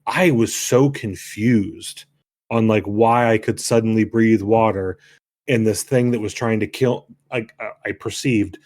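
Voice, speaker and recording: A man's voice: fairly low pitch, unhurried, a little mellow, dry recording, clean studio sound. A young man co-hosting a casual late-night game podcast, rambling with lots of restarts and easy laughter. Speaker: podcast co-host.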